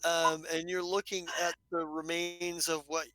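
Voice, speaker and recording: A man narrating as game master of a tabletop game, halting and rambling with many fillers. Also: on the high side, little pitch movement, pushed and bright, low-quality recording.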